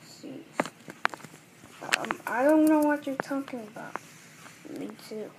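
A woman playing around in a silly homemade skit, goofy and giggly, in a loud noisy homemade recording. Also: sits high, slow pace.

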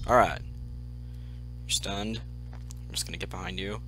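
A young man commentating his own gameplay, muttering to himself and then breaking into excited yelps. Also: low voice, measured pace, over loud music. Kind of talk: let's play commentary.

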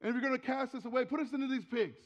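Hysterical, cornered demons voiced by a preacher beg in a high, stammering rush. The sound is dull and lo-fi, with a long reverb hanging behind every line. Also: male voice, very fast. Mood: frantic pleading. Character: frantic, panicked horde of demons.

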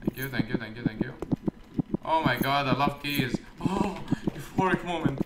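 A man's voice: mid-range voice, fairly even intonation, moderate pace, heavy background noise. Sarcastic man gaming in an echoey room. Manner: sarcastic, swearing, joking to himself. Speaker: gamer. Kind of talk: let's play commentary.

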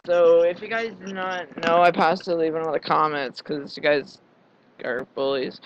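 A young man casually commenting on meme clips as he reacts to them, quick to protest. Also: high-pitched, lively intonation, lo-fi sound, background noise. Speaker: reaction video host.

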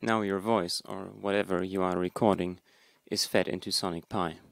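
Male tutorial host, deep gravelly voice, calm and plain delivery. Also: normal speed. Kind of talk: screen-recorded software tutorial.

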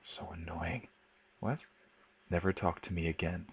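A quiet teenage schoolboy from a horror game, delivered flat and low, as a man reads him out. The voice is husky and slow. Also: exaggerated voice. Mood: cold.

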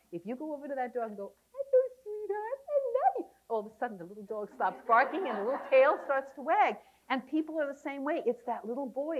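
On a rough-sounding 1990s VHS seminar tape, a woman leads a relationship class, speaking animatedly to a live audience and laughing often. Her voice is a little high.

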